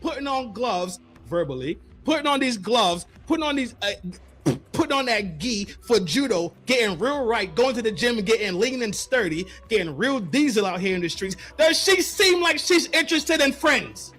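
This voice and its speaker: A man hosting a podcast, delivering a mocking commentary rant with rapid-fire repeated words. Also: extremely high pitch, big pitch swings, fairly bright tone, faint music behind. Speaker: podcast host.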